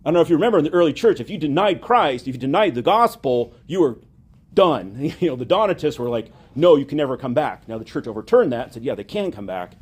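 A man preaching a homily, telling a story with lively acted-out dialogue. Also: on the high side, quick pace, slightly rough. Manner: animated storytelling, acts out quoted dialogue.

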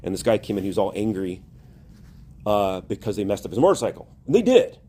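A man's voice: fairly low pitch, sing-song, fairly quick, warm tone, a little hiss or hum. A male priest preaching a sermon, earnest and rising to emphatic exhortation.

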